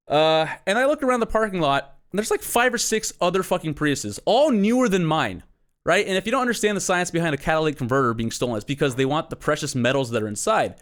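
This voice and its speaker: Animated, profane ranting man. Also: on the high side. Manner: animated, profane, exasperated ranting with sarcastic asides. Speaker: comedy podcast host. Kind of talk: ranting comic monologue.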